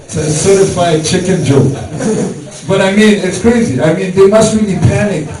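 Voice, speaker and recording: Speaking at a moderate pace in a high-pitched voice, a male comedian performs stand-up before an audience, rambling through stories with plenty of filler words. Laughter from the crowd fills the background, captured by a far-off mic in a reverberant room.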